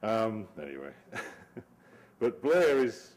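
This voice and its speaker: A man's voice: fairly low pitch, very animated, slow pace, darkish tone. A middle-aged man, a cartoonist giving a wry, digressive talk over his slides and laughing often. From Britain.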